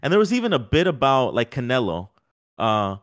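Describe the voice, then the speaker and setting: Male podcast co-host for casual sports chat: rambling and animated, full of fillers. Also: medium pitch, fairly quick.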